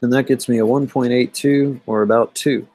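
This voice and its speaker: A man's voice: medium pitch, fairly even intonation, normal speed, dark tone, no echo, poor audio. Chatty man explaining an exam solution. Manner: conversational, thinks aloud with many "um" and "right?". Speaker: math instructor. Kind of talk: recorded lecture going over an exam.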